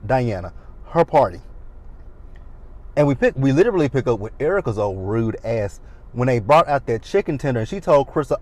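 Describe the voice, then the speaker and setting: Very animated and speaking at a moderate pace, this thirty-something man has a medium-pitched, slightly mellow voice. His reality-show recap is casual commentary, chatty and sassy, peppered with dramatic asides.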